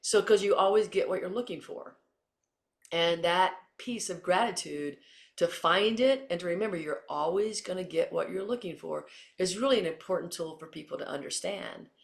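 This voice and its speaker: A middle-aged woman from Texas, a former Olympian and coach, answering interview questions as an animated storyteller who acts out the quotes. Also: fairly low pitch, moderate pace, gravelly.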